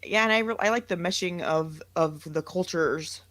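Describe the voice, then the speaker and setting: A man co-hosting a casual podcast chat, mostly quiet, chiming in with short agreements. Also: high-pitched, normal speed, no room sound. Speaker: podcast co-host.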